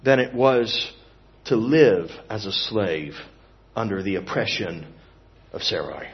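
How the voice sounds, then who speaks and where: A man preaching a sermon in an earnest, expressive way, moving from emphatic to hushed. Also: lowish voice, slow, breathy edge, dull audio.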